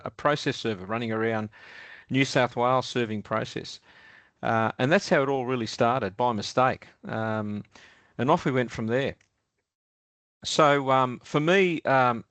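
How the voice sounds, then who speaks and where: A man's voice: mid-range voice, a bit bright, dry recording. An Australian man around sixty, a podcast guest telling stories in a loose, rambling way with lots of ums, restarts and chuckles. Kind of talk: casual storytelling interview.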